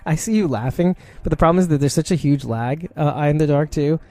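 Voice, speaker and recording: A man's voice: a little high, fast, mellow, no room sound, soft background music. A man from Brooklyn, hosting a podcast in a rambling, casual live-stream chat full of fillers and laughs. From Brooklyn, New York. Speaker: podcast host.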